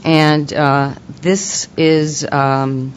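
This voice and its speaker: A woman's voice: low-pitched, level tone, very slow, muffled recording, a little hiss or hum. A woman with a Boston accent, co-chairing a subcommittee and presenting its report at a committee meeting, with many fillers. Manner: reads formal recommendations aloud, with many fillers. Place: meeting room.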